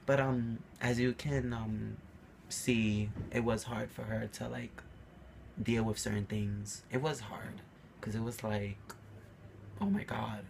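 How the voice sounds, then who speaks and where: A man's voice: lowish voice, slow pace, gravelly, slight background noise. A young man vlogging to camera, telling personal stories casually and acting out quotes animatedly. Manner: animated, acts out quotes with a raised voice.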